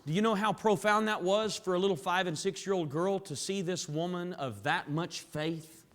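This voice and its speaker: A man preaching a sermon in a church, dropping to hushed tones and building to raised, emphatic climaxes. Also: high voice, moderate pace. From Southern US. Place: church sanctuary. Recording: long reverb of a large hall.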